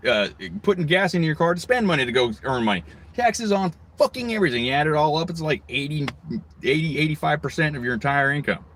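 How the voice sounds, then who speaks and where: A man's voice: fairly high pitch, fairly bright tone, slight background noise. A man ranting angrily in a crude, rambling monologue, swearing constantly. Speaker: vlogger.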